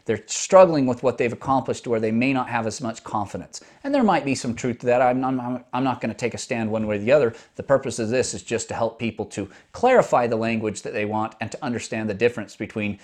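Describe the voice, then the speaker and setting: A man's voice: medium pitch, quick pace, hardly any pauses. A man hosting a podcast, a doctor explaining things step by step in a conversational monologue with frequent restarts.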